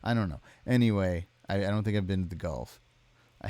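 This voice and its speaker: A tired man live-streaming, reading out chat messages and answering them in a deadpan, rambling way. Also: low voice, brisk, clean tone, no echo. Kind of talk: casual chat.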